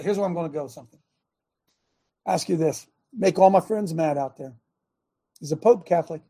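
A man's voice: high-pitched, slightly rough. A middle-aged man preaching in a loose, conversational way, telling stories and asking his listeners questions. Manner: animated, storytelling, asks listeners questions. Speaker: show host preaching.

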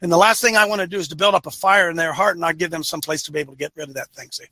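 Brief: middle-aged male host, high and very bright voice, emphatic preaching monologue with repeated phrases. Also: fairly even intonation, rapid-fire, no echo, rough recording. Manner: emphatic, repeats phrases, swings from quiet to loud. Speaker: host of a men's ministry call-in show. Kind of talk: preaching-style monologue to listeners.

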